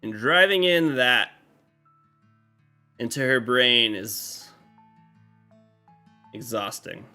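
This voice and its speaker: A man's voice: mid-range voice, lively intonation, extremely slow, pauses often, sharp tone. A man chatting casually on a live game stream, rambling with lots of fillers and restarts. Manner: rambling, filler-heavy talk with many restarts. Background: faint game music.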